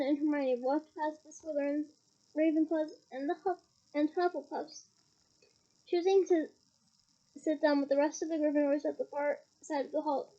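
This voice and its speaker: A woman's voice: high-pitched, mellow, highs cut off. A woman reading a novel aloud expressively, with small slips and asides. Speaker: reader.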